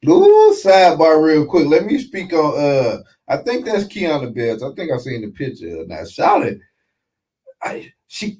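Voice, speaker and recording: A man hosting a casual reaction commentary show, talking in an animated, slangy way with frequent asides. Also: fairly high pitch, moderate pace, low-quality recording. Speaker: show host reacting to a clip.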